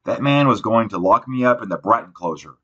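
A man doing a small, frightened girl who is tearful and suspicious. Her lines come out sniffling and pleading in a bright voice that is barely raised from his own, as part of a storybook reading. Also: fairly low pitch, expressive, brisk, slightly rough, dull audio, voice pushed up, heavily acted.

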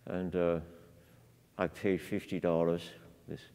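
A man's voice: low voice, level tone, takes it slowly, dark tone, clean tone. A man in his fifties, a piano teacher giving a master class, telling stories in a reflective way with many fillers and laughs. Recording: reverberant hall.

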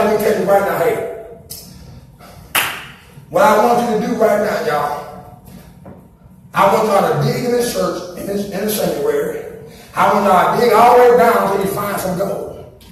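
A man preaching a sermon in a church sanctuary, repeating his lines and breaking into shouted bursts. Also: high-pitched, slight background noise. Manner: repetitive, preaching with shouted bursts and "hey" calls. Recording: echoey church from a distance, faint congregation.

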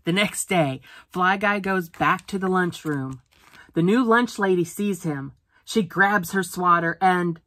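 A woman's voice: on the low side, takes it slowly, background noise. A woman teacher reading a picture book aloud for a phonics lesson, sounding out words letter by letter.

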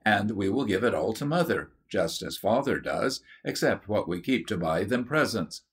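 A man's voice: lowish voice, animated, normal speed, lightly acted. A man voicing a sensible, motherly eldest girl who speaks firmly. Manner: firm, admonishing.

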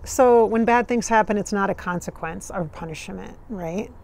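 Gravelly woman, chatty and wry. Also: mid-range voice, slow pace, darkish tone. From Minnesota. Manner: chatty, dry sarcastic humor, frequent laughs. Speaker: channeler. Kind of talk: casual spiritual channeling talk.

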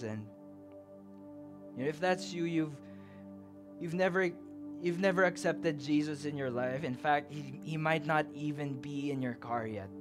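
A man with a Filipino accent preaching a sermon and leading an altar call, earnest and repetitive, slipping Tagalog phrases into his English. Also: medium pitch. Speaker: pastor.

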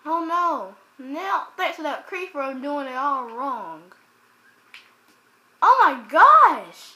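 A woman giving let's play commentary as a gaming channel host, chatting to viewers and bursting into loud exclamations. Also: high voice, expressive, measured pace, dull audio. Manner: chats directly to viewers.

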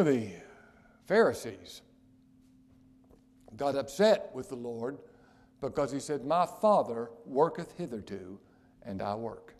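A medium-pitched male pastor delivers a sermon, alternating loud, emphatic declarations with hushed near-whispers. He stresses key phrases slowly and with weight.

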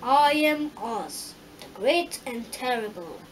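A woman voicing a grand, commanding wizard in a storybook reading, speaking slowly and solemnly. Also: a little high, expressive, a little hiss or hum, rough recording.

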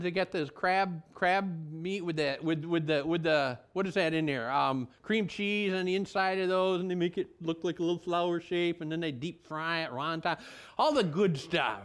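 A man's voice: sits high, a bit bright. A male pastor giving a conversational sermon in a folksy, rambling way, often restarting his sentences and drifting into asides.

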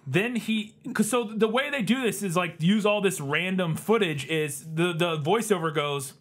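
A man's voice: high voice, moderate pace. A man co-hosting a comedy film-review podcast, talking in an exasperated way and acting out scenes. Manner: animated, exasperated, acts out scenes. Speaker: podcast co-host. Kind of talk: comedic movie-review chat.

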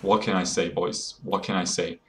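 A man's voice: deep voice, flat delivery, moderate pace. A young man streaming a mobile game, bragging jokingly, laughing often and talking to his viewers as boys. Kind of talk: joking live gameplay commentary.

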